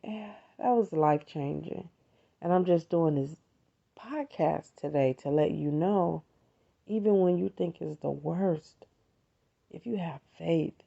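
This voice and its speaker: A woman's voice: on the low side, creaky, warm tone, highs cut off. A middle-aged woman hosting a podcast, talking heartfelt and conversationally about faith and gratitude. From United States. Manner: heartfelt, conversational, addresses listeners as "you all". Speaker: podcast host. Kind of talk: personal faith talk.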